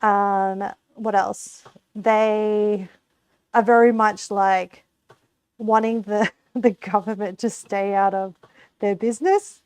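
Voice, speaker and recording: A woman's voice: medium pitch, fairly even intonation, takes it slowly, a little mellow, smooth, no room sound. A young Australian woman streaming while she cooks, chatting casually and rambling, with frequent laughs and casual swearing. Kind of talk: casual live-stream chat while cooking.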